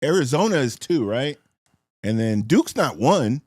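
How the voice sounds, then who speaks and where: Male co-host, casual sports chat, very lively pitch, dry close mic. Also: a little slow, husky, no echo. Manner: animated, loud sign-offs. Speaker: podcast co-host.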